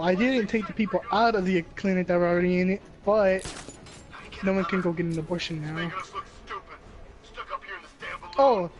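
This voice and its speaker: Brief: young guy game streamer, high-pitched, crude, rambling banter. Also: lo-fi sound. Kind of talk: casual chat while gaming.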